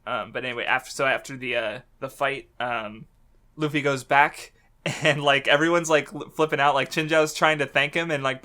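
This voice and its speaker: A podcast co-host chats casually, rambling with lots of fillers and restarts, laughing often and swearing freely. His medium-pitched voice sounds pushed and bright, with a clean tone.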